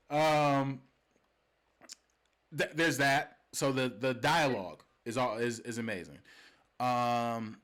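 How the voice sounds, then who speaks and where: A young man co-hosting a podcast in casual chat, animated and often laughing, with many restarts. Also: mid-range voice, takes it slowly, pauses often. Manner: animated, laughing, repeats and restarts, drops to a soft hushed voice. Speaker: podcast co-host.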